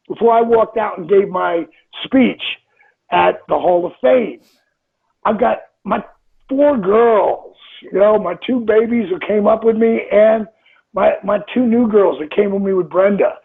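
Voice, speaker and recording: A man's voice: sits high, a little slow, gravelly, slightly rough. A man in his sixties giving a motivational interview, emphatic, repeating phrases and acting out inner voices. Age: 60s. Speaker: interview guest. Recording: tinny phone-like line.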